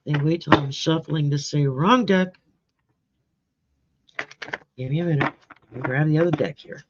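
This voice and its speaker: A woman's voice: sits low, steady tone, fast, a little mellow, a little hiss or hum. A woman hosting a live stream, chatting with viewers by name and laughing easily as she draws and reads oracle cards. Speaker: live-stream card reader and host. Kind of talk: casual live-stream oracle card reading. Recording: dull lo-fi stream audio.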